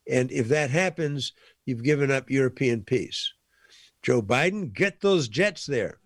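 A man's voice: mid-range voice, expressive, a little slow, no echo, studio quality. A man giving impassioned political commentary, emphatic and repeating his points for force.

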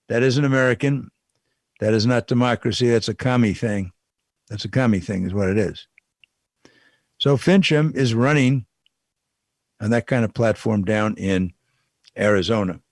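Speaking at a moderate pace with frequent pauses, an older man with a medium-pitched voice offers wry, casual political commentary. His monologue circles back over the same points, punctuated by chuckling asides at the absurdities. The audio has no echo.

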